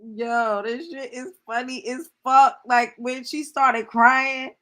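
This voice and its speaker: A woman's voice: high-pitched, slow, few pauses, fairly bright tone. A woman hosting a live stream, giving blunt, profane reaction commentary and laughing often. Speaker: show host.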